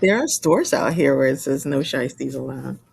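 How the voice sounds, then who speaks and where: A woman's voice: a bass voice, lively intonation, moderate pace, vocal fry, a little mellow, slightly rough. A woman co-hosting a podcast, chiming in with playful interjections and laughter. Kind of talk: casual podcast chat.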